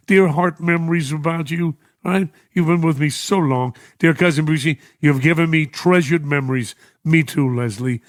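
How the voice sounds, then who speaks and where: A man's voice: a little high, no echo, studio quality. An older man with a New York accent, hosting a radio show and reading listener messages, emotional and chuckling often. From United States. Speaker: radio host. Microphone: studio microphone.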